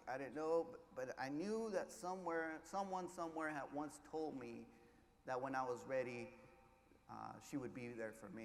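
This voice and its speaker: A man giving an inspirational keynote, telling his story with hushed lows and loud surges, mixing in Spanish words. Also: slight background noise. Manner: passionate, swings between hushed and loud, drops Spanish words. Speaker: keynote speaker. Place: large conference hall. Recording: echoey hall, faint ambience.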